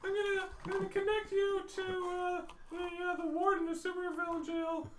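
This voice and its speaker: A man voicing a confused female radio dispatcher in a squeaky falsetto. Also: level tone, normal speed, reverberant, a little hiss or hum. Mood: flustered. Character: shrill female dispatcher named Beatrice.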